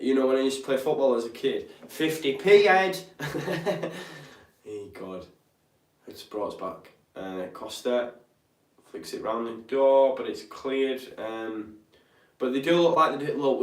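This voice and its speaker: A young man hosts a live football watch-along, chatty and tired, with plenty of ums. His voice is recorded in a roomy, echoey space. He sits away from the microphone, so he sounds distant. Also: medium pitch. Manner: chatty, reads out viewer comments, frequent ums and apologies. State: tired, yawning. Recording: roomy echo, speaker off-mic.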